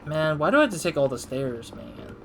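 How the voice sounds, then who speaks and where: A man's voice: on the high side, big pitch swings, brisk, vocal fry, slight background noise. A man doing let's play commentary, rambling and thinking aloud in a self-deprecating way. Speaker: gamer.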